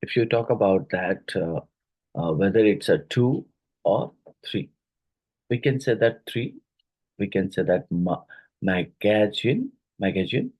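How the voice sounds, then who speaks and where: Indian english guy teaching exam questions, deep husky voice, slow and full of uhs. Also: a little mellow, rough recording. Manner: unhurried, explains step by step with many fillers. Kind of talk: exam question review lesson.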